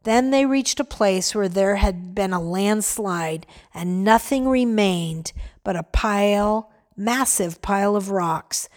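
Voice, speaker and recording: A woman narrating a story aloud in a gentle, measured way, lightly voicing the characters. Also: medium pitch.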